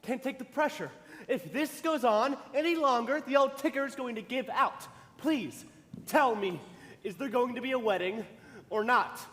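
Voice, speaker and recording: A man's voice: very high-pitched, moderate pace, fairly bright tone. A young man playing a nervous middle-aged show producer who blusters in a flustered, comic way. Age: teens. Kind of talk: stage musical acting. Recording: reverberant auditorium stage.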